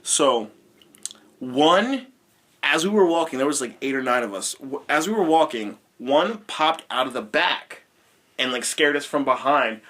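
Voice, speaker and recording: A man co-hosting a podcast in casual chat, animated and joking, and swearing offhand. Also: mid-range voice, unhurried. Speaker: podcast co-host.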